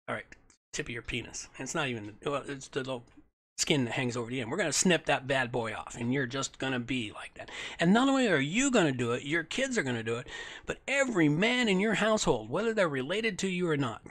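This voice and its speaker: A man's voice: fairly high pitch, animated, moderate pace, fairly bright tone. A man hosting a show, reading Bible passages aloud and breaking into irreverent, joking commentary. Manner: irreverent, joking asides between solemn readings. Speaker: host.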